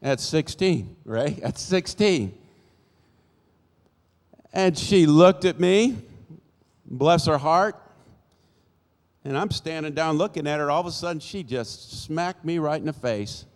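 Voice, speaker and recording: A man's voice: a little high, expressive, slow, pauses often. A man in his sixties telling his life story as a church testimony in a folksy storytelling way, acting out the people in it. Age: 60s. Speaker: church speaker giving testimony. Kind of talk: sermon-style personal testimony. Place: church sanctuary. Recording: long church-hall reverb.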